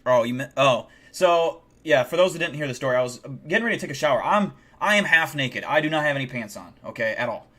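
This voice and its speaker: A man's voice: medium pitch, fast talker, hardly any pauses. A man hosting a live stream, telling a story casually and swearing a lot. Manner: profanity-heavy, animated retelling. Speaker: livestream host.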